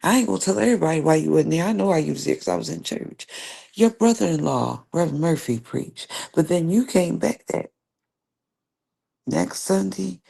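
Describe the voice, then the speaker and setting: Gravelly, with a mellow, dark tone on the low side, a female livestream host rants briskly at an absent opponent as if face to face. She's confrontational and meandering, repeating herself as she goes.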